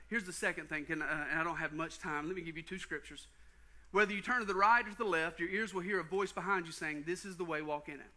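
Male pastor, animated storyteller, high, forceful voice. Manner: storytelling, animated, folksy asides to the congregation. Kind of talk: sermon with personal story. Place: church sanctuary.

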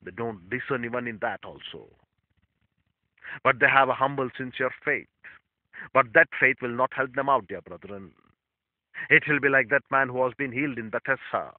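A man preaches a sermon in English that is not his first language. He repeats his phrases and swings from loud stresses to quiet asides. The sound is thin and phone-like, with a dry room. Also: medium pitch, moderate pace, dry recording. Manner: non-native English phrasing. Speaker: pastor.

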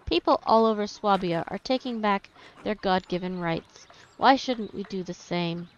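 A woman's voice: mid-range voice, normal speed, close to an everyday voice. A woman reading as an indignant young villager. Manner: indignant, rallying. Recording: dull lo-fi stream audio.

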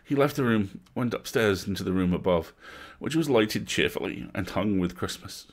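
A man reads a classic tale aloud as a bedtime story, measured and atmospheric. His voice is very low and gravelly, with a husky, breathy grain. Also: expressive. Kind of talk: livestreamed bedtime story reading.

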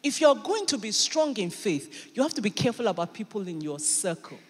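Woman pastor preaching in church; animated, emphatic delivery that swings loud; voice carries a long hall reverb. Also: mid-range voice, a little fast, slightly rough. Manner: animated, emphatic preaching with sudden bursts of loudness. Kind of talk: sermon.

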